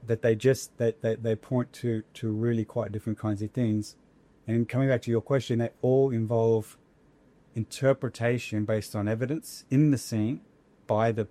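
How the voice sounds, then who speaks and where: A man's voice: medium pitch, warm tone. A man, an academic guest, explaining ideas in conversation, thoughtful and searching for words with frequent restarts.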